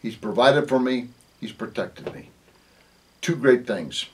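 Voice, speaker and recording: Pastor teaching from a distance. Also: male voice, mid-range voice, slow, a little hiss or hum. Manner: reads scripture aloud, lingers on words, with fillers. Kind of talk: devotional Bible teaching.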